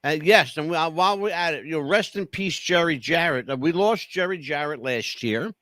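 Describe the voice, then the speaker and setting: A man's voice: brisk, no echo. A man co-hosting a podcast, chatting casually and emphatically in a rambling way. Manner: rambling, emphatic storyteller with lively pitch. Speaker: podcast co-host. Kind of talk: casual wrestling talk.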